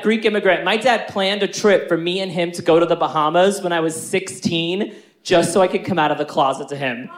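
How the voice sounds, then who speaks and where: A man performing a stand-up comedy set, telling brash, animated stories and laughing often. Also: sits high, roomy sound.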